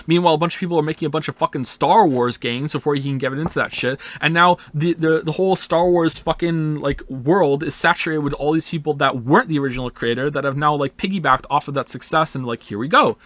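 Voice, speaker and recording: Fast and nearly pause-free, his fairly high, slightly bright voice comes through with no room sound. In this casual stream he replies to chat in an emphatic, profane, rambling way and at times acts out imagined voices in quotes.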